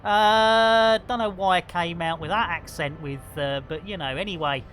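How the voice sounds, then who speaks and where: A man's voice: high voice, normal speed, fairly bright tone. A man streaming a space game, chatting casually and full of playful catchphrases. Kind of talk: casual live game commentary.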